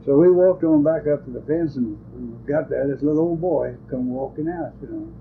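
Older gravelly man, tinny tape. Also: on the high side, fairly quick, a little hiss or hum. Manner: rambling, folksy, ungrammatical country speech. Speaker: retired lawman telling stories. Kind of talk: oral history storytelling.

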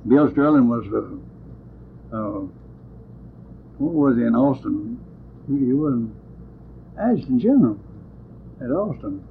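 A man's voice: mid-range voice, lively intonation, takes it slowly, vocal fry, pauses often. An older man, telling rambling, folksy stories from his days as a lawman in an oral history interview. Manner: rambling, folksy, ungrammatical country speech. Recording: tinny lo-fi tape with hiss.

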